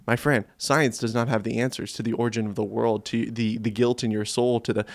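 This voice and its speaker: A man's voice: medium pitch, fairly even intonation, a little fast, gravelly, no room sound. Earnest man giving a faith talk. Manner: earnest, direct, addresses listener as friend. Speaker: Christian men's ministry host.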